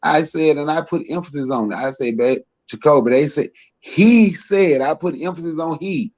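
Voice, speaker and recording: A man's voice: fairly high pitch, brisk, darkish tone. Emphatic man in heated opinion talk. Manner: emphatic, repeats himself, rises sharply when worked up. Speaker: podcast co-host.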